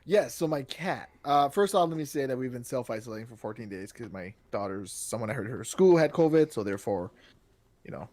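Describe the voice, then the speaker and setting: A man co-hosting a casual podcast, telling stories in an animated way and acting out the voices of people he quotes. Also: medium pitch, no echo. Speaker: podcast co-host.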